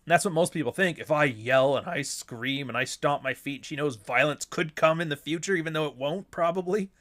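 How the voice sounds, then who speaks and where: A man's voice: a little high, brisk, a bit bright. Blunt, profane, sardonic male streamer. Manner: asks and answers his own rhetorical questions. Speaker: livestream host answering chat. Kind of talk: casual livestream commentary.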